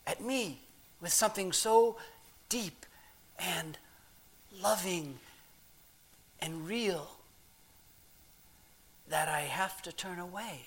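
A man performing a dramatic monologue as a plain-spoken married working man, talking in rough everyday grammar with halting restarts, dropping to a hushed murmur and rising to loud, excited telling. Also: high voice, exaggerated voice. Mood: awed, tender. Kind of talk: dramatic first-person monologue.

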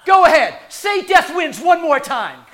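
A swaggering, defiant male angel, all brash challenge and bravado, as a preacher voices him. The voice sits high and leaps around in pitch, every phrase pushed out with loud emphasis. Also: big pitch swings, a little slow, full character voice.

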